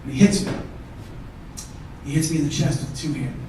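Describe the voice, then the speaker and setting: This stand-up's voice is fairly high and mellow, and he speaks a little fast as he narrates a story onstage to a live theatre crowd. His one-man show style is casual, profane, and full of back-and-forth with the audience. Slight background noise and distant, echoing sound mark the recording.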